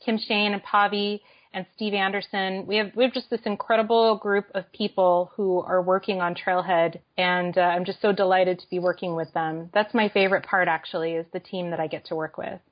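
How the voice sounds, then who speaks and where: Woman podcast guest, mid-pitched, quick and eager delivery, slightly dull lo-fi sound. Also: flat delivery. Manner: quick, eager, talks in bursts with fillers. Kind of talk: casual interview chat. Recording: slightly muffled podcast recording.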